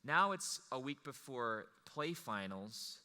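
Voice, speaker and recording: A man telling a personal story to an audience, animated and rambling, with restarts. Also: mid-range voice, takes it slowly, big-room sound. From Wisconsin.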